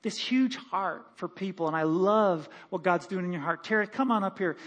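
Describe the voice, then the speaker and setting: Higher-voiced male pastor in a reverberant church. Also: normal speed, fairly bright tone. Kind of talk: sermon. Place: church sanctuary.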